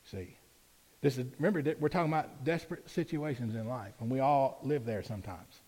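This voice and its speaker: A man's voice: medium pitch, brisk, darkish tone, breathy edge. A man, preaching a sermon in a church sanctuary, chatty at times and emphatic at others. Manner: conversational preaching, rising to emphatic peaks. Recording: reverberant church hall.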